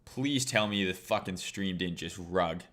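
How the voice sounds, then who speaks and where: A man's voice: sits low, unhurried, fairly bright tone. A man hosting a trading livestream, talking casually in a blunt, profane, rambling way.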